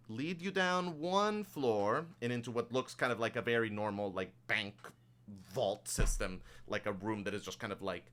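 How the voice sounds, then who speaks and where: A man's voice: on the low side, bright, forceful tone. A man narrating as game master of a tabletop game, improvising loosely with many fillers.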